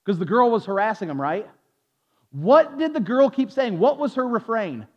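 A man preaching to a group, stumbling over repeated words as he restarts his sentences and stops to ask his listeners questions. His voice sits high for a man. The recording sounds muffled and lo-fi. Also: sing-song, normal speed, long reverb tail. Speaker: preacher teaching a Bible study. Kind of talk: sermon. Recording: dull lo-fi recording.

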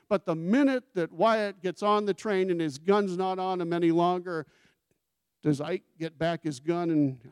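A man preaching a sermon with a somewhat high voice. He talks in a conversational way, turns questions to the congregation, and leans into scripture quotes. The sound is dry and close. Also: a little slow, clear, resonant tone, no echo. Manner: acts out scripture quotes with emphasis. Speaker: pastor.

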